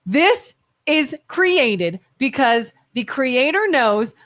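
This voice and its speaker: A woman co-hosting a local talk radio show, telling stories in a lively, chatty way and quoting people she talks about. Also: sits high, very slow. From Ohio. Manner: animated storytelling, quotes others in voices. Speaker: co-host. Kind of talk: casual talk radio chat.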